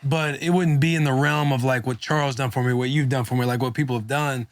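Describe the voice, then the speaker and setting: A young man co-hosting a podcast in casual chat, talking in quick bursts. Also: mid-range voice, steady tone, no echo, clean studio sound. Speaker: podcast co-host.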